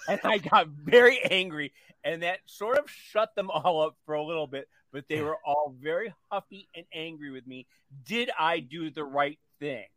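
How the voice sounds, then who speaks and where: A man co-hosting a radio talk show, telling a lively personal story and acting out the voices of the people in it. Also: on the high side, moderate pace, no echo. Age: older. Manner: animated storyteller who acts out the voices in his anecdotes.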